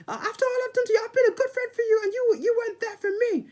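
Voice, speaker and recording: A shrill, whiny needy friend. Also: male voice, fairly even intonation, rapid-fire, darkish tone. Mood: accusing. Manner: shrill, wounded, guilt-tripping. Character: needy male friend, whining and accusing.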